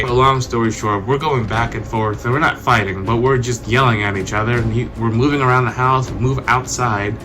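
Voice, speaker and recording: A young man vlogging, telling a personal story in an animated, conversational way with lots of filler words. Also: mid-range voice, a little fast, few pauses, music in the background. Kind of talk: storytime narration.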